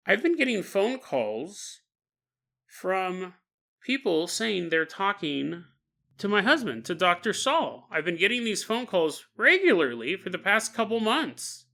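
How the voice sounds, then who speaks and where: A weary older widow who explains strange events in a low-key, matter-of-fact voice, played by a man in a story podcast. The voice stays bright and lively in its pitch. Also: gravelly, exaggerated voice.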